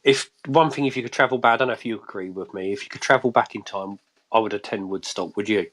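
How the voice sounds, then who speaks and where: A man's voice: fairly low pitch, fast talker, fairly bright tone. A man in his late thirties with a Cambridge accent, chatting casually on a live show over a phone. He laughs easily and trips over the starts of his sentences. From Cambridge, England. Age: late 30s. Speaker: co-host. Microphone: mobile phone.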